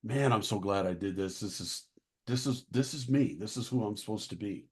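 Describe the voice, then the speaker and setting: A man's voice: fairly low pitch, normal speed, darkish tone, breathy edge. A man hosting a podcast interview, encouraging his guest with short affirmations. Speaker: podcast host.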